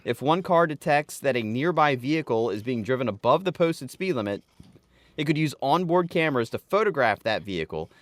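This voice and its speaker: A man's voice: mid-range voice, no room sound. A man co-hosting a comedy podcast, riffing crudely and reading a news story aloud. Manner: crude, riffing, breaks into loud put-on phone voices. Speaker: podcast co-host.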